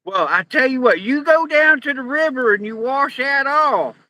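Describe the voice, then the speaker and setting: A man telling a long joke in an earnest, deadpan drawl. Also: very high-pitched, normal speed, no room sound, poor audio.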